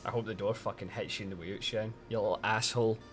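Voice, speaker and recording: A man's voice: on the low side, fairly even intonation, fast, music in the background. A man chatting casually on a live stream, teasing his chat and swearing a lot while complaining that he is cold.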